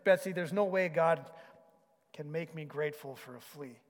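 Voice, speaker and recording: A woman's voice: sits low, normal speed. A man reading aloud the lines of a frightened, exasperated woman prisoner from a story, in a long reverberant hall.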